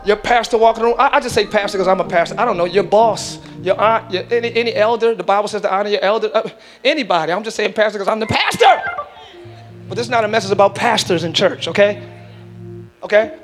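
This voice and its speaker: High-voiced preaching man, music beneath. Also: quick pace. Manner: emphatic preaching, swinging between shouts and hushed low lines. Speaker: pastor. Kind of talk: sermon. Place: church sanctuary.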